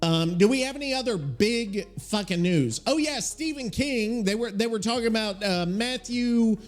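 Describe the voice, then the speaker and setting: A man's voice: high voice, animated, normal speed, faint music behind. A man hosting a casual podcast alone, rambling and swearing freely as he thinks aloud and looks things up. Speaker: podcast host. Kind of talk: casual solo podcast chat.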